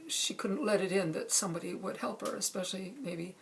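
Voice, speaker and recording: A middle-aged woman calmly telling a true personal story, with measured pauses. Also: medium pitch, gravelly, a little hiss or hum. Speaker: speaker sharing a personal story.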